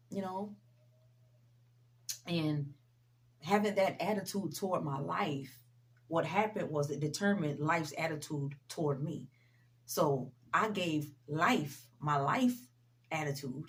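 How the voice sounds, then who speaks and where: A woman giving a casual motivational talk to her viewers, speaking directly to them and repeating key sayings for emphasis. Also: sits low. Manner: conversational, addresses viewers directly, frequent "you know". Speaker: motivational vlogger.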